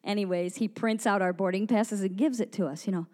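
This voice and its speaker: A woman preacher telling an animated story in a sermon to a women's gathering, acting out the people she quotes. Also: medium pitch, brisk, in a large hall. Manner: animated, acts out quoted voices.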